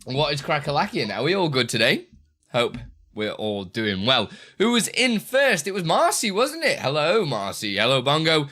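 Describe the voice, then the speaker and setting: A young man chats to his live-stream audience in a bright, lively voice. He greets viewers one after another, stumbles and repeats himself as he works. The talk stays loose and unscripted throughout. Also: on the high side, normal speed. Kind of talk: casual live-stream chat.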